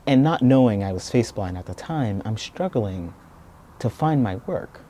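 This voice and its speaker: A man telling a personal story in a reflective, soft-spoken and earnest way. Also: fairly low pitch, expressive, a little slow, a little hiss or hum. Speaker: video essayist.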